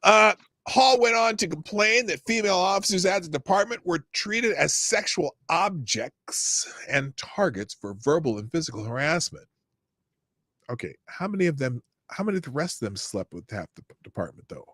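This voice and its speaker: A middle-aged male host reads news and viewer chat on a live stream, mocking what he reads. His voice sits a little high and swings widely, and he often bursts into shouted rants. The sound is dry and close. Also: sing-song, normal speed, no echo.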